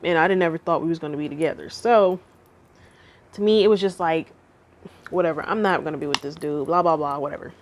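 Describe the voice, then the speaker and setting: Speaking fairly quickly in a low voice over slight background noise, a young adult vlogger shares a relationship story with her audience. It's a casual storytime chat, lively and animated, and she talks straight to the viewers.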